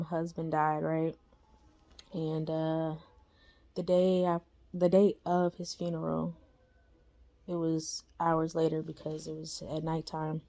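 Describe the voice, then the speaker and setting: A young woman with a low voice and a gravelly, fry-edged texture tells her own story in a loose, conversational way. She leans on slang, fillers and quick tag questions, and the delivery stays unpolished. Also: mellow. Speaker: storyteller sharing a spiritual experience. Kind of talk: casual personal storytelling.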